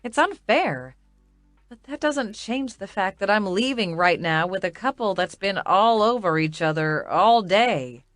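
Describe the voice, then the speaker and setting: A woman's voice: medium pitch, animated, unhurried, no echo, clean studio sound, faint music behind. A woman narrating a romance audiobook in the first person, with a wry, conversational inner-monologue manner.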